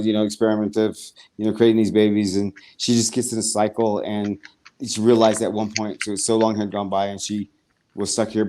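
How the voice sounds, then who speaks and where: Rambling man recapping a TV episode. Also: fairly low pitch. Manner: rambling, animated retelling with profanity and quick acted asides. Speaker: podcast co-host. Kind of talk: casual chat recapping a TV episode.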